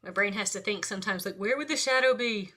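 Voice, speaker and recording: A woman's voice: medium pitch, fast talker, sharp tone. A woman hosting a live crafting stream, chatting casually and talking to herself as she works, often laughing. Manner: rambling, self-talk while working, laughs often. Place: crafting desk.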